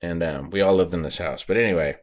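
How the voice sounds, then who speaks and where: A man hosting a podcast, telling a personal story in a halting way, repeating words and getting choked up. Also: sits low. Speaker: podcast host.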